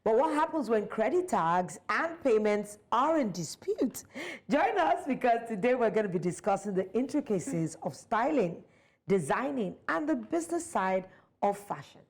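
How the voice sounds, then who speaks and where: A woman's voice: fairly high pitch, very animated, normal speed, darkish tone, husky. A woman co-hosting a studio talk show, bubbly and sing-song.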